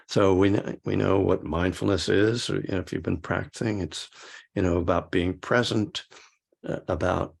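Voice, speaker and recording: A man teaching a meditation class, talking in a halting, reflective way with frequent restarts. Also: sits low, steady tone, vocal fry, husky. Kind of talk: casual dharma talk to a class.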